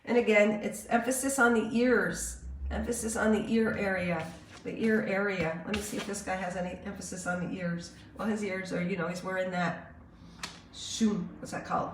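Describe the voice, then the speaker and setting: Woman, medium pitch, channeler on a live stream; slow and searching, echoey room sound. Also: steady tone, slight background noise. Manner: slow, searching, meditative delivery with pauses. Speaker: spiritual channeler.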